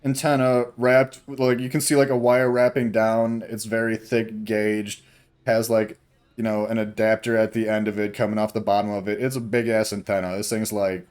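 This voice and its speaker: A man's voice: on the low side, flat delivery, moderate pace, a little mellow, clear, resonant tone. A young man narrating as game master in a casual tabletop session, rambling loosely with fillers.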